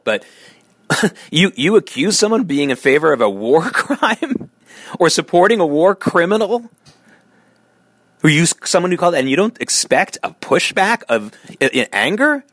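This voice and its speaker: A middle-aged man hosting a solo podcast monologue, with an animated delivery that swings from low, tired tones to sharp, emphatic peaks. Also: moderate pace, dry recording. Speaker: podcast host.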